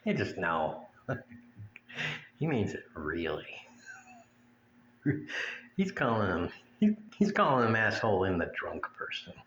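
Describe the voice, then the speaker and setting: A man's voice: on the low side, huge pitch swings, measured pace, pauses often, a bit bright, slight background noise. A man ranting in a blunt, crude and mocking way. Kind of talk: profane rant to camera. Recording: echoey room with faint ambience.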